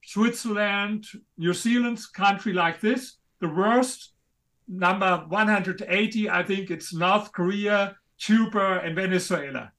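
A man with a German accent talks in an interview, emphatic and a little halting. His voice sits high for a man and sounds bright and forceful. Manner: emphatic, a bit halting, non-native grammar. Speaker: author and guest. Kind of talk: interview conversation.

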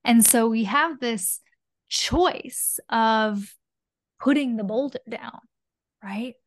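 A woman with a slightly high voice speaks slowly as a guest on a podcast, where she works as a spiritual mentor. In this casual interview she's expressive, swears now and then, and acts out her inner voices.

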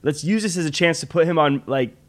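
A man on a podcast walks through his argument step by step, analytical and a little self-deprecating. His voice sits a touch higher than average. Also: brisk, fairly bright tone. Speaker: podcast co-host. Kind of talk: casual podcast chat.

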